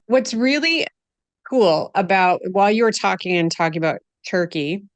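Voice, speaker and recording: Woman, smooth clear voice, slow pace, dry sound, casual podcast chat, eager agreement. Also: mid-range voice, lively intonation, no echo. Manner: brief eager affirmations. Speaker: podcast co-host. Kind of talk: casual conversation.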